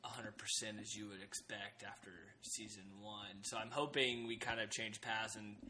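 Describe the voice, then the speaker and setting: A man's voice: lowish voice, little pitch movement, normal speed, background noise. A man co-hosting a casual TV discussion podcast, talking hesitantly with many fillers and restarts. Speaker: podcast co-host.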